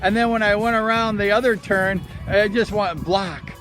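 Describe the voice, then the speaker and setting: A man's voice: high voice, steady tone, normal speed. A man, a former motorcycle racer, telling amused stories in a casual vlog, speaking outdoors by the ocean. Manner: chatty, amused, self-deprecating storyteller. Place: outdoors by the ocean at low tide with his dog. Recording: background music under the voice.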